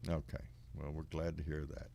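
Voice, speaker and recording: A man hosting a live talk show, telling a story in an animated way and cursing freely. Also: rumbling low, fairly quick, vocal fry, slight background noise. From Texas. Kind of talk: casual chat with a caller.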